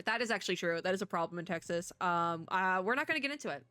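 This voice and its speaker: Chatty woman gaming streamer, bright dry voice. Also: lowish voice, lively intonation, fast, clear, resonant tone, dry recording. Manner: chatty, rambling asides with frequent laughs. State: recovering from illness, voice a bit worn. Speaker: VTuber let's-play host. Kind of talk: game commentary and reading story text aloud.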